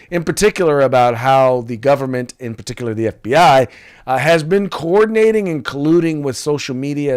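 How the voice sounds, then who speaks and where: A man hosting a political talk podcast, chatting casually with many restarts and fillers and reading sponsor spots. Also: medium pitch. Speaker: podcast host.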